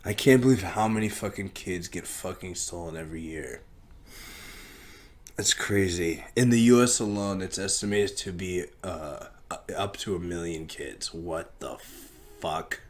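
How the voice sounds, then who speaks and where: A man's voice: deep voice, a little slow. A man hosting a casual solo podcast, rambling in a profane, laid-back way. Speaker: podcast host.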